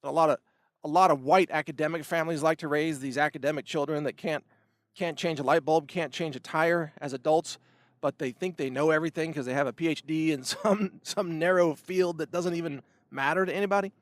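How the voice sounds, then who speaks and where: A man delivering a political commentary monologue, ranting with sharp emphatic swings and frequent word repeats on restarts. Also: a little high, steady tone, fairly quick, no room sound. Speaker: commentary show host.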